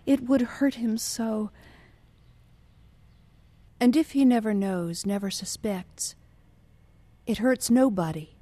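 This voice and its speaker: A woman voicing a gentle, guarded young lady who speaks softly and hesitantly. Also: fairly high pitch, slow pace, pauses often, no echo. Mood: pleading. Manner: soft, pleading, hesitant.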